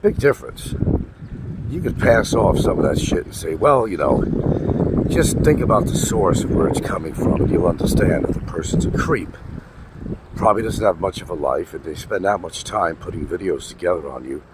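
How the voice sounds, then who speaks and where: A man's voice: low-pitched, animated, normal speed. A man ranting in a casual vlog, blunt and profane, repeating his points for emphasis. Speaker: vlogger. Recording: wind noise and traffic outdoors.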